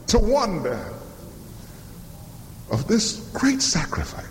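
A man preaching a sermon in a dramatic, drawn-out way, letting his voice rise high and sink to a hush. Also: wildly swooping pitch, slight background noise. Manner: dramatic, swooping pitch, drawn-out phrases, drops to hushed tones. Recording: roomy hall reverb, faint ambience.

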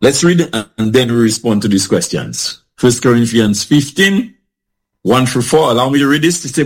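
A man moderating a Bible study discussion, reading a scripture passage aloud slowly and posing questions to the panel. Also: mid-range voice, expressive, rough recording. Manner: reads scripture slowly, asks questions, laughs often.

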